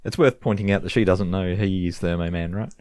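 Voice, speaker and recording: Deep-voiced guy co-hosting a podcast, chimes in with quick comments, dry mic. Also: darkish tone, no echo. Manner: chimes in with short agreements and side comments. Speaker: podcast co-host. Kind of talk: casual chat.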